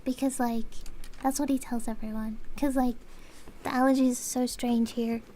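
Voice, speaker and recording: A woman's voice: on the high side, little pitch movement, moderate pace, mellow, slight background noise. A woman with an Australian accent, co-hosting a casual chat in a rambling, chatty way full of fillers. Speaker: game dev channel co-host.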